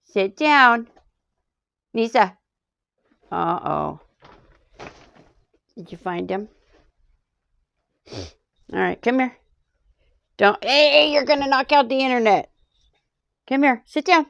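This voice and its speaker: Woman, cooing pet baby-talk, gravelly, slow, dry lo-fi sound. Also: on the high side, expressive, fairly bright tone, no echo. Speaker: pet owner. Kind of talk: casual talk to pets.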